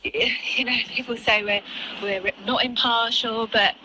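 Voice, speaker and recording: A woman's voice: on the high side, steady tone, measured pace. Woman, 30s, weather presenter, casual chat, laughs easily, video call outdoors, faint traffic. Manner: chatty, laughs easily, restarts phrases. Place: outdoors outside a broadcasting building.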